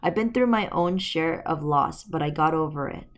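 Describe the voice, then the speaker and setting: A woman's voice: deep voice, normal speed, close to an everyday voice. A woman voicing a bold, fearless girl in a storybook, speaking bluntly and with defiance. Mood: firm.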